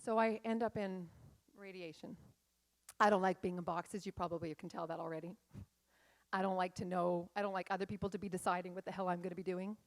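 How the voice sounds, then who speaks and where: A woman's voice: lowish voice, steady tone, brisk. A middle-aged woman, a life coach, giving a candid and dramatic personal storytelling talk on stage.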